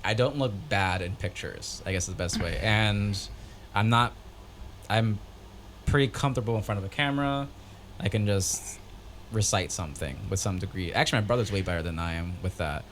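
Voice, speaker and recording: This is a man with a voice on the low side, co-hosting a casual podcast. He tells his stories in a lively way and slips into the voices of the people in them. A faint hiss sits under the recording. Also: normal speed. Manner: animated storyteller, acts out quoted voices. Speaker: podcast co-host. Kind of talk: casual chat.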